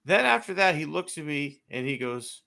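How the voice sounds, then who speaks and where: A man co-hosting a casual sports podcast, telling a long story in a profane, animated rant. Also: on the high side, moderate pace, vocal fry.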